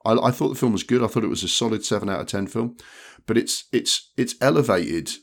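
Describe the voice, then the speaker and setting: A man's voice: lowish voice, lively intonation, brisk, creaky. A man co-hosting a film podcast, talking bluntly and swearing, with many restarts. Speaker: podcast co-host. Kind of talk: casual film chat.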